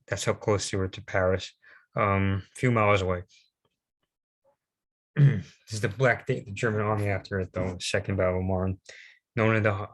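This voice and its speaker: A man's voice: fairly low pitch, a bit bright. A young man giving an informal history presentation, rambling and hesitant with many fillers and restarts, adding self-deprecating asides.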